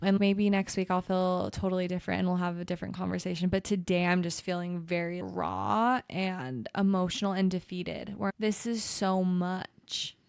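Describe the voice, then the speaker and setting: A woman's voice: on the low side, steady tone, fairly quick, creaky, few pauses, a little mellow, clean tone, no room sound. A woman in her thirties co-hosting a podcast, opening up in a candid, emotional and self-deprecating way. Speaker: podcast co-host. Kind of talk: candid casual chat.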